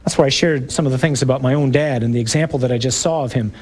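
A man's voice: medium pitch, quick pace, a little mellow. A man who is a priest, giving an emphatic, preacherly parish talk to parents with jokey asides to the audience.

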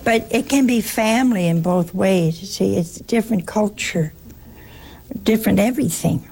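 An American woman, a nun, giving a chatty talk to an audience, telling stories with animated asides. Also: medium pitch, moderate pace, creaky, slight background noise. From United States. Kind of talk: casual spoken talk to an audience.

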